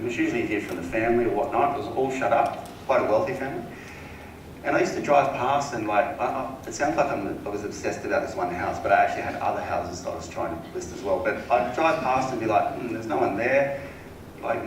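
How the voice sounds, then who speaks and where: A man telling a casual, animated sales story at a seminar, acting out the voices of the people in it. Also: medium pitch, a little hiss or hum. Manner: casual, animated anecdote-telling with acted quotes. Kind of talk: storytelling talk to an audience. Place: seminar room. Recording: echoey hall, mic at a distance.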